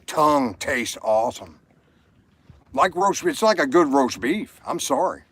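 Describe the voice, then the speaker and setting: A man hosting a relaxed livestream chat rambles across topics, reading comments aloud and speaking to viewers by name. His medium-pitched voice is animated, fairly bright and slightly breathy, at a moderate pace.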